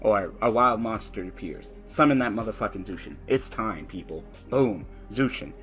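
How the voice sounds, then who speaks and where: A man's voice: expressive, normal speed, fairly bright tone, faint music behind. A young man giving profane, frustrated commentary on his online card game, cursing at his opponent. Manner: ranting in a high, laughing voice.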